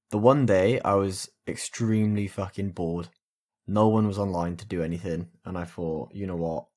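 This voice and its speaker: A man's voice: deep voice, a little mellow. A man on a casual podcast, blunt and sweary. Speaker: podcast co-host. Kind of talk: casual chat.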